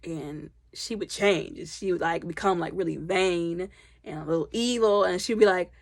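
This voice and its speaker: A woman recapping a film loudly and animatedly, acting out the characters' lines. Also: fairly low pitch, normal speed, creaky, no room sound, clean studio sound. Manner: loud. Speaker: movie reviewer. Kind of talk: casual movie recap.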